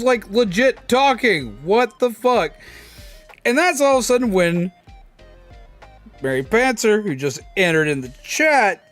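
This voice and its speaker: A man streaming live, telling a story casually and excitedly, cursing freely and using lots of fillers. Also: sits high. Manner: excitable, swears a lot, many fillers.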